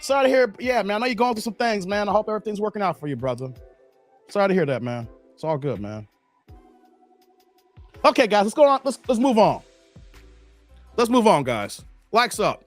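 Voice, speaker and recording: A man with a high, lively voice holds forth on his livestream, blunt and animated as he talks straight to his chat. Faint music sits quietly under his voice. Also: brisk, long pauses. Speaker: livestream host. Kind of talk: casual livestream commentary.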